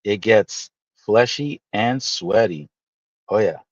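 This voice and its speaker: A man hosting a live stream, chatting casually with viewers and teasing them in playful, animated asides. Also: on the low side, slow pace, no echo, muffled recording. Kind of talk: casual chat reading viewer comments.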